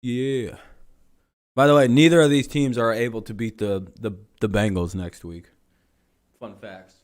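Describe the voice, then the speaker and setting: A man's voice: medium pitch, fairly even intonation, unhurried, clear, resonant tone. A young adult man hosting a live stream, chatting casually and reacting play by play with loose, profane jokes.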